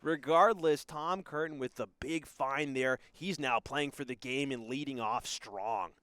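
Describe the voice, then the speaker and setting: A man doing live play-by-play commentary on a darts match, excitable and prone to loud exclamations on a close mic. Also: medium pitch, measured pace, no echo. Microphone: close mic, apologizes for being too loud.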